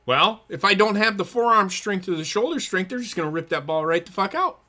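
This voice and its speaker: Blunt, animated man ranting, cursing freely. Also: high voice, fairly quick. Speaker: podcast co-host. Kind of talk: casual sports talk.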